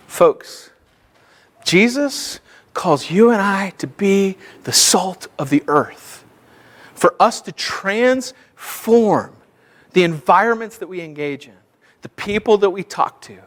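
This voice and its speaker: A man's voice: high voice, lively intonation, takes it slowly. A male pastor giving a sermon in a church, conversational and self-deprecating, building to fervent exhortation.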